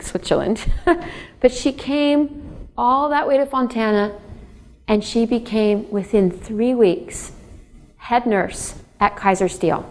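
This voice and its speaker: A woman author giving a public lecture and reading in a museum hall, telling chatty stories, laughing between them and putting questions to the audience. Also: a little high.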